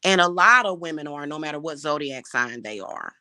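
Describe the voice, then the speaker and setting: A woman's voice: low-pitched, lively intonation, a little fast, sharp tone, dry recording, studio quality. A woman giving blunt love advice in a casual monologue, emphatic and swearing freely.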